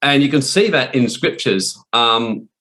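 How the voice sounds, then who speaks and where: A man's voice: medium pitch, lively intonation, unhurried, fairly bright tone. A man teaching on spiritual warfare in a blunt, profane, rambling way, full of restarts. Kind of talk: informal preaching talk.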